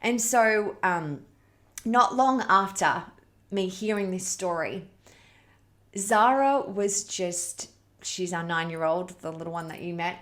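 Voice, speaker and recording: A woman's voice: fairly low pitch, animated, slow, a bit bright. A middle-aged woman hosting a parenting challenge, telling a story in a heartfelt, candid way and laughing easily. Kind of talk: earnest storytelling talk.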